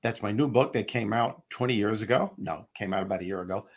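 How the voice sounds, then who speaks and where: A man's voice: on the low side, fast talker. A man hosting a motivational talk show, joking and teasing himself as he chats with the audience. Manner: joking, self-mocking, chatty.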